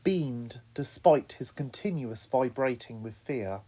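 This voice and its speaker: Male narrator for an audiobook, expressive, animated delivery. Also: measured pace. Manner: expressive storytelling with lively pitch.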